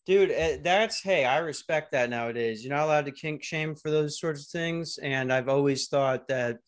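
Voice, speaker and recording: A man from Arizona hosting a podcast over an online call, cracking deadpan, crude jokes in casual banter. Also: a little high, normal speed. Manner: joking, deadpan crude humor. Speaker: podcast host.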